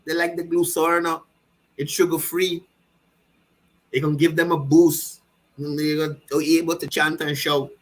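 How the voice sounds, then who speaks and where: A man's voice: on the high side, level tone, slow pace, pauses often, rough recording. A man with a Guyanese accent giving fiery, mocking political commentary. He keeps repeating himself and asking the listener if they understand.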